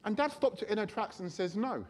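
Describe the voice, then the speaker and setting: A man preaching a sermon, telling a personal story in a chatty, animated way. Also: high-pitched, a little fast, slight background noise.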